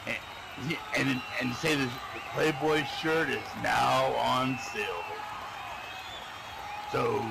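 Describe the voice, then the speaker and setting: A man's voice: medium pitch, steady tone, slow, vocal fry, pauses often, noisy background. A man cutting a cocky, boastful wrestling promo, stumbling over his boasts.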